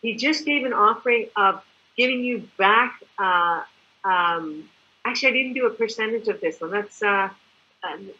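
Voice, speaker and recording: Mid-range and at a normal pace, this woman's voice is heard with the highs cut off. She is a Mexico-based product distributor presenter whose enthusiastic, chatty sales presentation is animated and full of acted-out examples.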